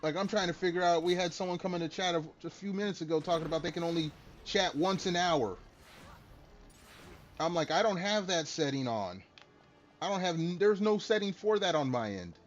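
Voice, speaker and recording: A man's voice: high-pitched, a little fast. A man streaming a game and chatting casually with his viewers, joking, laughing and swearing freely. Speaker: streamer talking to chat. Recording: dull lo-fi stream audio with faint music.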